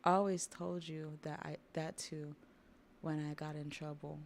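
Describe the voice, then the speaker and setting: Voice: mid-range voice, little pitch movement, unhurried, gravelly, a little hiss or hum. A streamer voicing frightened young children from a comic who plead and panic.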